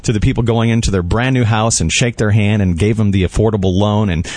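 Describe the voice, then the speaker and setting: Low voiced guy hosting, kinda halting, lots of uhs, dry sound. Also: darkish tone, dry recording. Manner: halting, with many fillers. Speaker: interview host. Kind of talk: conversational interview.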